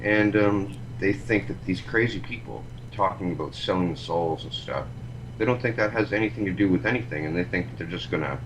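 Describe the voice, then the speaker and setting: Man, very deep voice, earnest rambling talk, noisy background. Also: a little fast, highs cut off. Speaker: interviewee. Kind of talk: casual interview talk. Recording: noisy recording with ambience.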